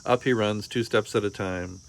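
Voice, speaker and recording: Man narrating a kids' story, gentle and even, slightly low pitch, soft insect noise outdoors. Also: moderate pace, creaky. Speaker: storybook reader. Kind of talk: children's storybook read-aloud.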